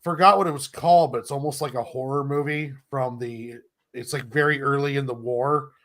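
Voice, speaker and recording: Easygoing man, mid-pitched voice. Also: steady tone, brisk, fairly bright tone. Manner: easygoing, many uh fillers. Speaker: podcast guest, comic letterer. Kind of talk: casual chat.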